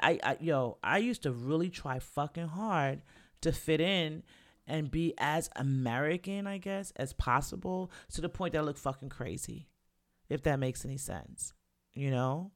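A man from New talks casually with the of his home city, his voice sitting a little higher than most men's. He tells his stories in a candid, animated way, swears freely and often breaks into laughter. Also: moderate pace. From New York. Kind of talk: casual storytelling monologue.

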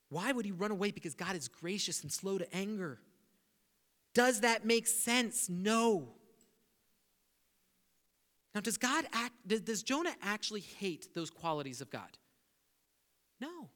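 A man preaching a sermon, animated, putting questions to his listeners. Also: sits high, takes it slowly, long pauses. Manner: animated, asks the audience questions. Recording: long hall reverb.

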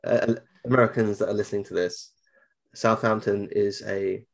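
A gravelly, low-leaning voice with a steady tone and normal speed belongs to a southern English man co-hosting a casual podcast. He jokes around in a chatty way, frequently restarting sentences and repeating himself.

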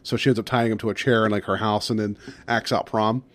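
A man's voice: fairly low pitch, steady tone, fast, dry recording. A man co-hosting a podcast in casual chat, rambling and upbeat with lots of fillers. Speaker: podcast co-host.

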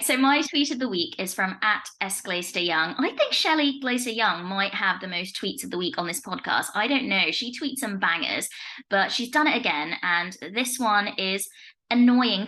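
A young adult woman co-hosting a legal podcast, chatting casually with quick asides. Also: medium pitch, bright, forceful tone, poor audio. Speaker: podcast co-host, barrister. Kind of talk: casual chat.

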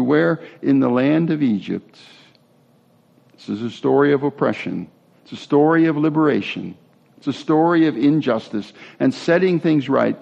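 A man's voice: mid-range voice, lively intonation, normal speed, gravelly, lo-fi sound. A man giving a sermon as a pastor, talking in a conversational way with asides and restarts.

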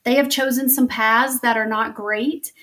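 A woman's voice: a little high, steady tone, unhurried, a bit bright. A woman in her thirties giving an earnest, faith-filled personal testimony in an interview, emotional at times. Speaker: interview guest.

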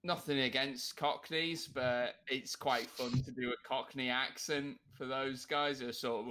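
A man's voice: mid-range voice, fairly even intonation, unhurried, few pauses, pushed and bright, slight background noise. A man co-hosting a podcast, explaining eagerly in a casual chat with restarts. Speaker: podcast co-host.

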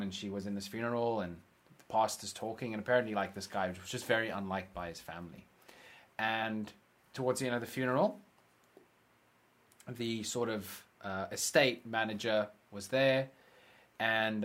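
A man co-hosting a casual chat, telling long stories with swearing and quick impressions of the people in them. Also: on the low side. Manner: animated, swearing, acts out quoted people.

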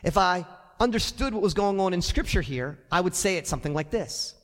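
A male pastor preaching a sermon in a church sanctuary, animated and conversational with touches of humor. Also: sits high, fairly quick, big-room sound.

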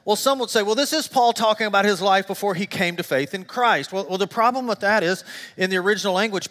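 A middle-aged man, a pastor, preaching a sermon and telling stories with animated, self-deprecating humor. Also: high voice, big-room sound. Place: church sanctuary.

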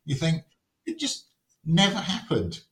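A man's voice: a little high, wildly swooping pitch, measured pace, fairly bright tone. A man talking casually as a podcast guest, wry and full of anecdotes, often acting out little quotes. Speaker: wargames rules writer, podcast guest. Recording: roomy echo.

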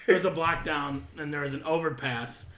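A man's voice: a little high, a little fast, a bit bright, roomy sound, a little hiss or hum. A young man co-hosting a podcast, telling crude, laughing anecdotes in casual chat and acting out the people in them. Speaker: podcast co-host.

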